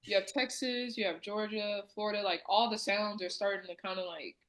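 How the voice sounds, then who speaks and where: A woman's voice: mid-range voice, fairly even intonation, fairly quick, fairly bright tone, poor audio. A woman from the American South, co-hosting a podcast in casual chat, talking loosely with plenty of fillers. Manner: chatty, many fillers. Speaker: podcast co-host.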